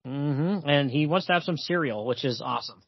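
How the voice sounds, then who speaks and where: Husky man chatting about comics. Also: on the high side, expressive, measured pace, no room sound, lo-fi sound. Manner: reads comic dialogue aloud with laughs. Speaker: podcast co-host. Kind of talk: casual comic book discussion.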